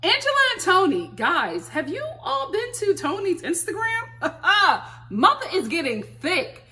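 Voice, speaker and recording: Animated, gossipy woman vlogger. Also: very high-pitched, unhurried. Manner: animated, laughing often, gossipy. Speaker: vlogger recapping a reality show. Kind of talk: casual commentary. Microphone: phone.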